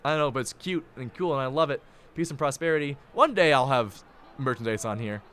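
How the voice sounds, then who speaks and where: A man hosting a live sports stream, signing off with excitable, hype-filled chatter and big swings in pitch. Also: brisk, slight background noise. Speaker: play-by-play host.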